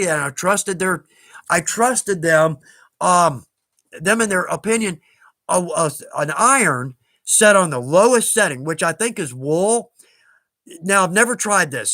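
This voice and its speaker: A man's voice: sits high, pushed and bright, no room sound. A man with a Southern US accent hosting a live stream, chatting casually and rambling a little as he answers viewer questions with self-deprecating asides.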